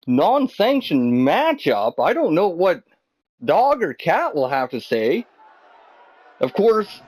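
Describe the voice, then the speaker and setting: A man calls a video game wrestling match in a goofy, teasing way. His voice sits a little high and swings up and down. He rambles on and laughs along with his co-hosts. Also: breathy edge, low-quality recording. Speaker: wrestling commentator. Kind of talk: jokey role-play commentary.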